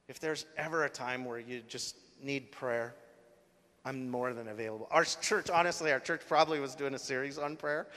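A man with a bright, slightly high voice tells a personal story during a sermon. He speaks casually and earnestly, with plenty of fillers and restarts. His voice rings with the long reverb of a large hall.

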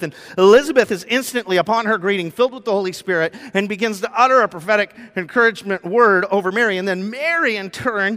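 A man's voice: high voice, sharp tone. A male pastor delivers a conversational sermon, his slightly raised voice ringing through a large hall with a long reverb tail. He talks with animation, acts out quoted dialogue, and stumbles through frequent fillers and restarts.

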